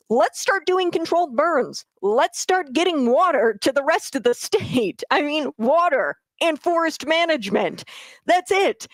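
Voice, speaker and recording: A woman's voice: sits high, expressive, a little slow, no echo. A woman hosting political commentary, talking in an emphatic, indignant way.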